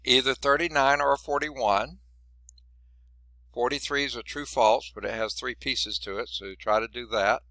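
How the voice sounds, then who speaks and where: A math instructor teaches a class in a folksy, chatty manner, quizzing students and remarking that he's losing his voice. His mid-range voice is bright and forceful, fairly even in intonation and a little slow, with no echo.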